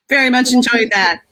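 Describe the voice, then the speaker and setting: Woman, podcast co-host, playful, laughing, bright, slightly high voice, dry close sound. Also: rough recording. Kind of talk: casual chat.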